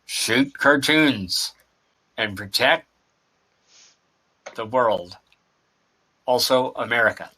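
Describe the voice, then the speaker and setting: A man running a tabletop game as game master, talking in a halting way with many fillers. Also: medium pitch, pushed and bright. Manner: slow, halting, lots of uh fillers.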